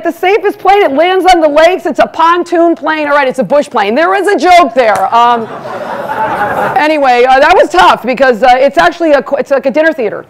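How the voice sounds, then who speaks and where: Woman, stand-up comedian, emcee, brash, crowd-teasing, high voice. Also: a little hiss or hum. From United States. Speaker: comedian and master of ceremonies. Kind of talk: stand-up monologue. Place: banquet hall before a live audience.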